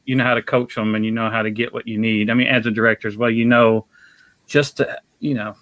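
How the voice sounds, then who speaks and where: A man from Kentucky hosting a casual interview as a fellow filmmaker, chatty and quick to laugh. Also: medium pitch, level tone, fairly bright tone, no echo.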